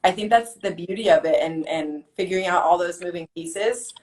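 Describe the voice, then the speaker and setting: A woman softball player chatting casually and asking friendly, curious questions. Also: lowish voice, moderate pace, a little hiss or hum, rough recording. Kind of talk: casual chat.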